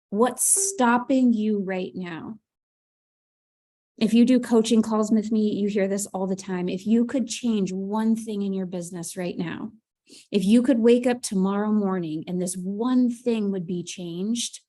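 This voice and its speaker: A woman's voice: medium pitch, warm tone. A woman leading an evening video call with her team, giving a casual, upbeat pep talk. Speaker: team leader hosting a business call.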